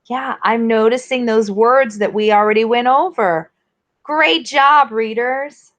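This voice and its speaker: A woman teacher leading an online reading lesson for young children, sounding out letters clearly and praising her readers. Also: a little high, a little slow, a bit bright. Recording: dull lo-fi recording.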